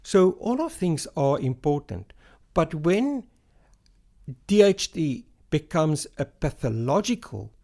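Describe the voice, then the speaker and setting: A man's voice: on the high side, sing-song, gravelly, warm tone. A middle-aged man, a hair loss doctor, explaining things step by step in a podcast interview and using everyday comparisons. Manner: measured, explains step by step with analogies.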